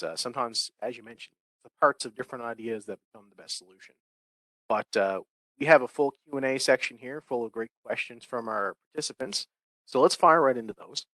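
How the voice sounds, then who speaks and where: A man's voice: medium pitch, a bit bright, no echo, rough recording. A man hosting a webinar, reading out audience questions in a friendly manner over a video call. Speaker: moderator.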